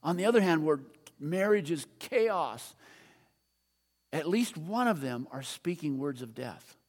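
A man's voice: on the high side, expressive, unhurried, big-room sound. An older man preaching a sermon in a conversational way, repeating refrains and asking his audience questions.

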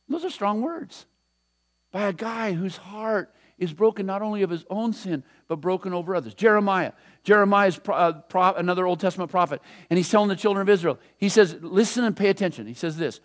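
A male pastor giving a conversational sermon, often dropping to a hushed voice for scripture quotes and chuckling between thoughts. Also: sits high, expressive, moderate pace.

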